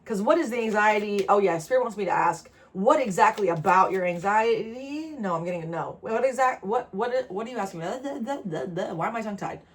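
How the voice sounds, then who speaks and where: A woman's voice: medium pitch, animated, fairly quick, hardly any pauses. A woman with a New Jersey accent giving a casual tarot reading straight to the viewer, chatty and laughing often. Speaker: tarot reader.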